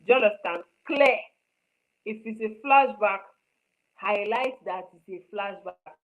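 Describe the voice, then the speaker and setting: A woman's voice: medium pitch, measured pace, narrow, tinny audio. Emphatic woman teaching a class. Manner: emphatic, repeats points, asks students if they understand. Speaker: screenwriting teacher. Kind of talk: live online class.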